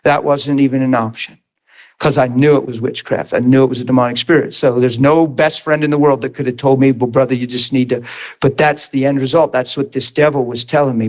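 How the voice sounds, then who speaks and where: A man's voice: mid-range voice, brisk. A middle-aged man preaching a fervent, emphatic sermon testimony as pastor, laughing between points.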